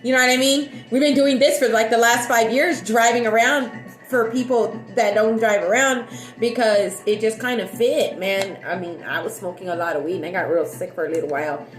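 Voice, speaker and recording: A woman with a somewhat high voice rambles casually to her viewers. She talks fast and loud, jumping from thought to thought with excitable energy. Her voice bounces around an echoey room, and faint music plays in the background. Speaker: live-stream vlogger.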